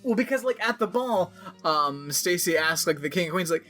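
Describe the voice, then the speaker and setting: A man's voice: high-pitched, expressive, fairly quick, a bit bright, faint music behind. A man co-hosting a podcast, dryly recapping a movie's plot and acting out its lines in casual chat. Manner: dry, recaps plot with mock-quoted lines. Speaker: podcast co-host.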